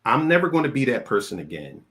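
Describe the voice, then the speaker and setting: A man's voice: medium pitch, very animated, quick pace, fairly bright tone. A man hosting a film interview, chatting casually and telling stories, often repeating words as he starts a sentence. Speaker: interview host.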